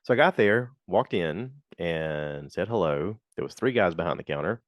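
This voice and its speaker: A man hosting a podcast, telling a frank, animated story in a casual monologue and complaining as he goes. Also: low-pitched, moderate pace, no echo, studio quality. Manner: animated, slips into quoted voices. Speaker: podcast host.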